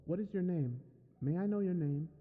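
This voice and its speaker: A man's voice: high-pitched, lively intonation, moderate pace, long reverb tail, narrow, tinny audio, voice pushed up. A man doing a mimicking forest creature. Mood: insistent. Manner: repetitive, pleading then enraged questioning.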